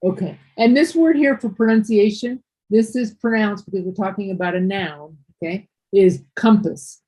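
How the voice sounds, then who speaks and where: A woman's voice: medium pitch, moderate pace, warm tone, breathy edge, rough recording. A woman teaching English one-on-one, patiently correcting and explaining.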